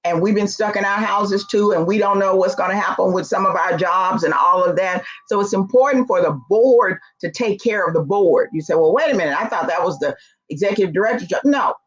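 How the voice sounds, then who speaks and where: A woman giving a conference talk on nonprofit boards, telling stories in a lively, emphatic way. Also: mid-range voice, normal speed. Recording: dull lo-fi recording.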